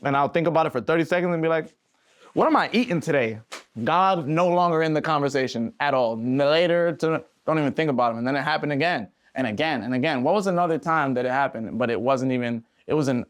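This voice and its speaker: A man's voice: fairly high pitch, fast talker, no room sound, studio quality. A young man, a musician guest on a podcast, telling stories in a casual, slangy way and acting out voices. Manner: animated, slangy, acts out voices in his stories. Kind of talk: casual storytelling.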